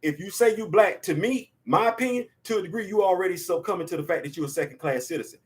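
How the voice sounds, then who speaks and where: Man, 50s, talk show host, emphatic, preachy, repeats himself, slightly high pitch. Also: fast talker. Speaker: podcast host. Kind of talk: casual opinion talk.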